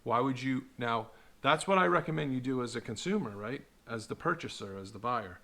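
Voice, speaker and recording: A middle-aged man giving casual talking-head commentary, animated and sarcastic, tagging "right?" onto his points. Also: mid-range voice, fairly quick. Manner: animated, sarcastic, mocks marketers in put-on voices; repeats "right?" to the viewer. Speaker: online video host.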